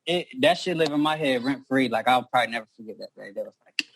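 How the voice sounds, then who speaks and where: A man's voice: mid-range voice, fairly quick, dry recording. A young man in casual chat, telling stories in loose slang with lots of swearing. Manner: slangy, animated storytelling with profanity. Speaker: guest sibling.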